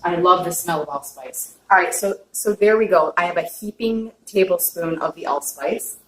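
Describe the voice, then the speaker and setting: A woman walks viewers through a home recipe in a loose, chatty way, often checking in with a quick "okay?". She is openly emotional. Her voice sits a little away from the mic in an echoey kitchen with faint background noise. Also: lowish voice, a bit bright, distant mic. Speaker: home cook. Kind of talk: casual cooking demonstration.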